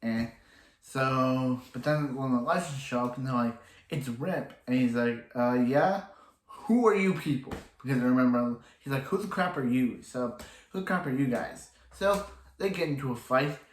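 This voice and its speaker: A man talks through a TV episode in a loose, rambling recap, often stopping and restarting mid-sentence. His voice sits at an ordinary middle pitch. The room around him gives a noticeable echo. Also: normal speed. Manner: rambling, restarting often, quoting characters in passing. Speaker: TV episode reviewer.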